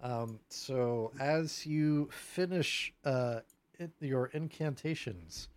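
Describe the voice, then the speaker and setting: A man narrating as game master of a tabletop game, casual and halting, full of fillers. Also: medium pitch, a little mellow.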